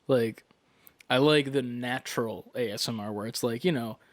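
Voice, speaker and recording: A man's voice: mid-range voice, moderate pace, no echo. A man co-hosting a gaming podcast in casual chat, full of crude jokes and banter. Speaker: podcast co-host.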